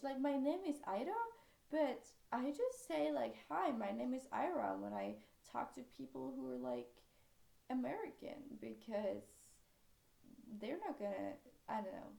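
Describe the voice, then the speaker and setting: Rambling young Norwegian woman, creaky voice. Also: on the high side, a little mellow. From Norway. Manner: rambling, sidetracks often, many fillers. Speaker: book vlogger. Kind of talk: casual chat. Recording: echoey room.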